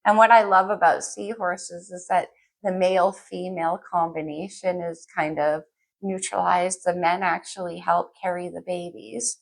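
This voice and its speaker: Gravelly, low-voiced woman reading tarot. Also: fairly even intonation, moderate pace. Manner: chatty, scattered, thinks aloud while pulling cards. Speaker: tarot reader. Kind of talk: casual tarot reading to camera.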